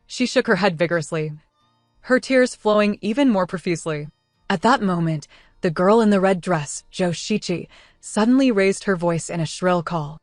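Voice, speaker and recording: A woman giving smooth, even scripted narration of a story. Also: on the low side, normal speed, no echo. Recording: dry close studio voice with faint music. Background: faint music.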